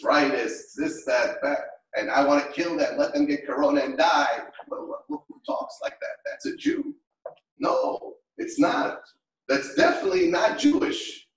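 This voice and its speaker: A man's voice: a little high, distant mic. A middle-aged man teaching an impassioned Torah class, speaking emphatically and rhetorically. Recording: echoey room, from off mic.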